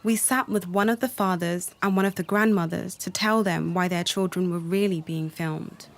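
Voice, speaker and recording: A woman narrating a documentary in measured, reflective scripted narration. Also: lowish voice, steady tone, slight background noise.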